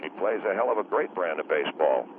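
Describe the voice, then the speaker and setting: A man's voice: deep voice, animated, quick pace, voice pushed down. A man voicing an older male caller who rambles and hesitates with many "uh"s. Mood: rambling. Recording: tinny phone line with loud background noise.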